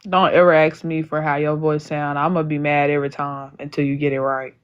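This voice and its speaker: A woman's voice: deep voice, level tone, brisk, clear, resonant tone, lo-fi sound. A woman, brash and profane, in a live-stream chat. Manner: brash, profane, mock-angry.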